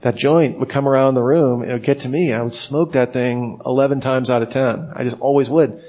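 A middle-aged man speaks as a pastor leading a teaching session at a mid pitch. His delivery is conversational and story-driven. He slips in wry asides as he goes. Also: steady tone, a little fast, a little mellow. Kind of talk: sermon-style teaching talk.

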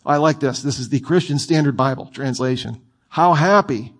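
A man's voice: mid-range voice, fairly even intonation, fairly quick. A man preaching a sermon in a conversational, playful way, with asides to his listeners.

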